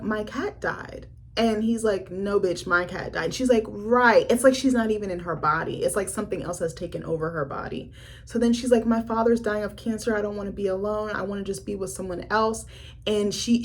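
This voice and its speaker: A young woman reviewing a film in a casual, animated vlog, swearing freely and acting out the characters' lines. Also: mid-range voice, breathy edge.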